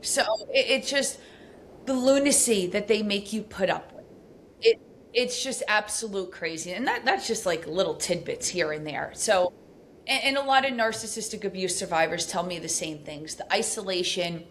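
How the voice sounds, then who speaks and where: A middle-aged woman, a podcast guest telling stories in a casual, animated way, full of fillers. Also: medium pitch, moderate pace, slight background noise. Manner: animated, acts out quoted speech, frequent fillers. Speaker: podcast guest, abuse recovery coach. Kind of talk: casual storytelling interview.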